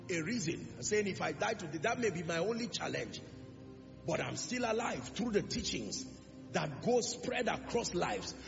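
A male preacher with a high-pitched voice and vocal fry delivers an emphatic sermon in church, pressing the congregation with rhetorical questions. The hall recording is reverberant and lo-fi, with music.

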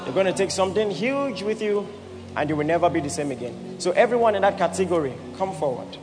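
Emphatic pastor leading an altar call. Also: male voice, sits high, expressive, fast. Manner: emphatic, repeats "did you hear what I said". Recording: echoey hall with music behind.

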